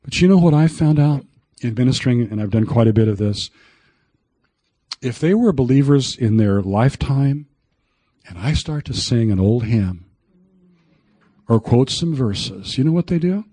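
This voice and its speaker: A man's voice: medium pitch, expressive, moderate pace, pauses often, warm tone, breathy edge, no echo. An older man, a pastor, preaching a folksy, emphatic sermon and breaking into old hymns.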